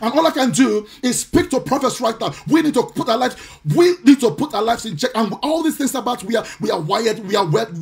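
A man preaching on a live stream, indignant and forceful, repeating his points and sometimes slipping into a sing-song cadence. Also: extremely high pitch, expressive, a little fast, creaky, hardly any pauses. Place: home or church, streaming live.

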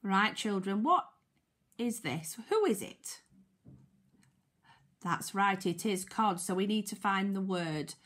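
A British primary school teacher reads a picture book to young children, speaking slowly and in a sing-song way. Her medium-pitched voice is a bit bright with lively intonation, and she sounds out letters and asks the children questions.

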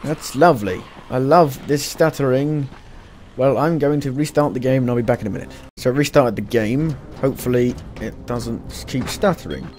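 A man giving gameplay commentary at his home computer, exasperated and swearing, scolding the game out loud. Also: mid-range voice, moderate pace, slight background noise. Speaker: let's play gamer.

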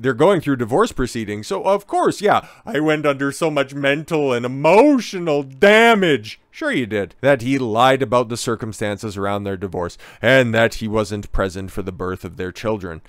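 Here the voice is lowish and clean, recorded dry with clean studio sound. As he works through an article, the man cuts in on himself with profane, sarcastic reactions.

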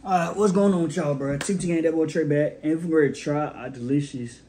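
A man's voice: on the high side, a little fast, warm tone, a little hiss or hum. A young man hosting his own casual cooking vlog, laid-back and talking straight to his viewers while he tastes his food. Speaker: cooking vlogger.

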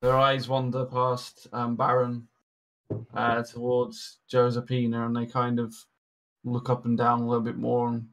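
A man running a tabletop game as dungeon master, narrating haltingly with frequent ums and restarts. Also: mid-range voice, monotone, a bit bright.

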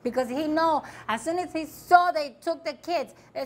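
A distressed woman with a high voice talks right after a talk show taping. She speaks emphatically and circles back to the same points again and again. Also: normal speed, few pauses. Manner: upset, emphatic, repeating herself.

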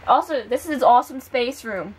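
A high-voiced young woman, giggly and teasing, chatting casually as host. Her pitch swings widely, and there is faint noise behind her. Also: lively intonation, brisk. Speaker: channel host. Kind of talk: casual chat over a game.

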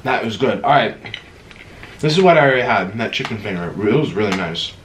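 A young man hosting an eating vlog, talking casually between bites with excited gasps and murmurs. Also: lowish voice, a little fast. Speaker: mukbang host. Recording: echoey room with faint noise.

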